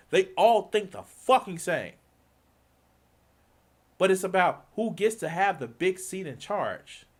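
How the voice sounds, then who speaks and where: A man rants on a live stream, heated and profane, circling back on his own words as he builds up steam. His voice sits a touch high and swings widely up and down as he presses each point. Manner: heated, swearing, repeats himself, mocking quoted voices. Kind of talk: profane political rant.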